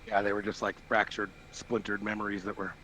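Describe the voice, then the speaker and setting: Bright-voiced, laughing male player. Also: on the low side, monotone, fairly quick, slight background noise, rough recording. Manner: laughs often, upbeat. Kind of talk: casual tabletop play and chat.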